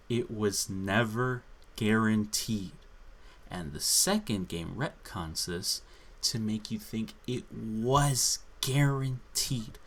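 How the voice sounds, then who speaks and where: A man's voice: fairly low pitch, fairly bright tone. A man on a drunken solo rant, angry, profane and exasperated. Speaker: channel host.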